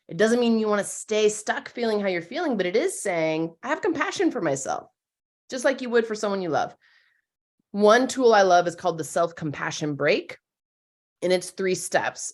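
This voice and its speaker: A woman therapist leads a webinar in a slightly low voice. She talks gently and candidly, coaching listeners through exercises in relaxed, casual wording. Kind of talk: webinar talk with guided exercises.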